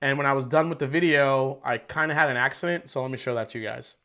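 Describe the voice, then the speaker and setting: A man's voice: mid-range voice, fast, bright, forceful tone. A man hosting a casual whiskey tasting livestream from home on a wireless mic, talking loosely, rambling and swearing now and then. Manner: loose, chatty, rambling, swears and laughs easily. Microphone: wireless microphone with battery pack.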